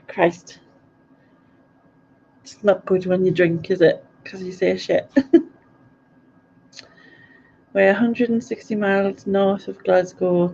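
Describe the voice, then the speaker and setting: Her voice is mid-range, gravelly and warm, slow and full of frequent pauses. The middle-aged woman is chatting on a live stream, answering viewers' comments, often giggling and tripping over place names, in dull lo-fi audio with slight hiss or hum.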